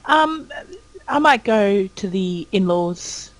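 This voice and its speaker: A woman's voice: mid-range voice, lively intonation, slow, no room sound, low-quality recording. A woman co-hosting a game stream, talking casually and hesitantly. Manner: hesitant, soft-spoken with fillers. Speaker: stream co-host. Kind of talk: casual live-stream chat.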